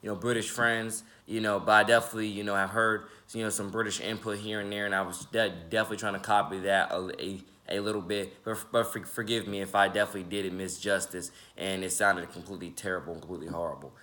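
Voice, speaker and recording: A man's voice: fairly low pitch, steady tone, quick pace, hardly any pauses, pushed and bright. A man in his twenties talking casually to his viewers, rambling, with many fillers, stumbles and repeated words. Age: 20s. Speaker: independent rapper and YouTuber. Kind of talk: casual vlog talk to the camera.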